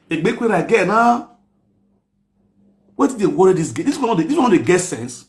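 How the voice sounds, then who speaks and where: A man with a Nigerian Pidgin accent ranting and mocking people on a live stream, often shouting. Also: sits high, very animated, normal speed, pauses often, echoey room.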